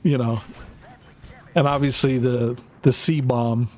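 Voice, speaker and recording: A man's voice: medium pitch, fairly even intonation, slow, a little mellow. A man chatting casually on a stream, rambling through stories, laughing and swearing freely. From North America. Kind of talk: casual chat while streaming.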